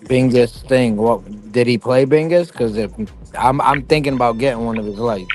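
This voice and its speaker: A man in casual chat who is high, relaxed and asking questions. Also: moderate pace.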